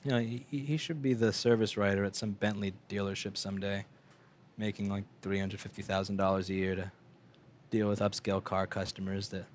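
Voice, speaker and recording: The repair technician rambles through his livestream at the workbench in a low, flat voice, going a bit fast. He swears a lot, uses fillers and keeps restarting, with slight hiss or hum in the background.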